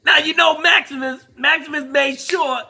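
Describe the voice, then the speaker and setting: A male vlogger hosting his own show in an animated, profane, laughing rant. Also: very high-pitched, normal speed, vocal fry, faint music behind. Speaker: vlogger host. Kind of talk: casual rant.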